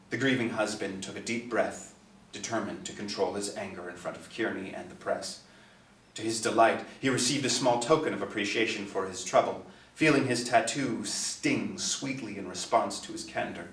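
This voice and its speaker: A man reads a novel aloud in a steady, expressive manner. His voice sits low and rings in an echoey room. The mic is set well back from him. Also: moderate pace, distant mic. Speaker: narrator. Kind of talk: novel reading.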